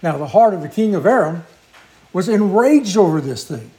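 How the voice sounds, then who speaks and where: A man preaching a sermon, telling a story in an earnest, unhurried way with small restarts. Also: high-pitched, lively intonation, mellow, rough recording.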